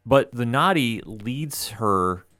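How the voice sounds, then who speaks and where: A man's voice: mid-range voice, lively intonation, takes it slowly, bright, forceful tone. A man co-hosting a podcast, giving an enthusiastic, explanatory recap in casual chat. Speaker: podcast co-host.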